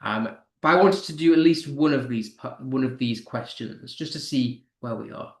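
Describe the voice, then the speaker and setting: A man's voice: mid-range voice, reverberant. A male English teacher giving an online poetry lesson, answering student comments and tapping out rhythms by stressing syllables. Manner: slow, stressed reading when tapping out poetic rhythm; talks to students reading comments aloud.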